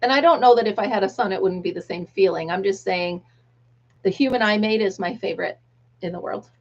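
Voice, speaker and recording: A woman's voice: mid-range voice, brisk. A middle-aged American woman hosting a casual live chat, reading viewer comments aloud and laughing often. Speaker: livestream host. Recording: dull lo-fi livestream audio.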